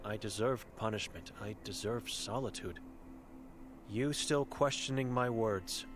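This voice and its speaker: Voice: medium pitch, measured pace, natural voice. A voice actor playing a blind, mute old woman hermit in a video game, speaking in terse, broken, solemn sentences. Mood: grim. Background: game music.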